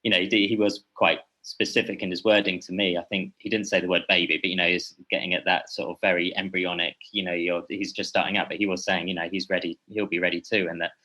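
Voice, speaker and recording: A man's voice: sits low, little pitch movement, fast, hardly any pauses, bright, forceful tone, rough recording. A man talking as a podcast guest, a boxing journalist who speaks in a meandering, hesitant way and keeps correcting himself. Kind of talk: casual podcast conversation.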